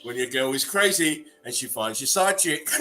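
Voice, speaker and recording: A man's voice: mid-range voice, bright, forceful tone. A man casually reading memes aloud as host, laughing often between them.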